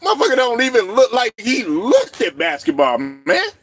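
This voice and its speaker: Guy ranting about basketball, AAVE, high voice that swings all over, laughing and cussing. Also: normal speed, slight background noise. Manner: animated, laughs a lot, swears constantly, rants. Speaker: sports show host. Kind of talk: profane sports commentary monologue.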